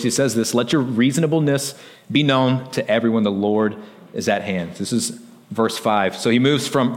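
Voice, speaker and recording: A man's voice: mid-range voice, long reverb tail. A man preaching a sermon as pastor, in a loose conversational way, often tossing in "like" and "right?" to his listeners.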